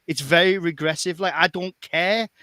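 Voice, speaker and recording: A fairly high-voiced man in a casual podcast chat, emphatic and exasperated, circling back to the same point. The sound is close and dry, with no room around it. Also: steady tone, normal speed, sharp tone, no echo. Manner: exasperated, emphatic, repeats himself. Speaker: podcast co-host.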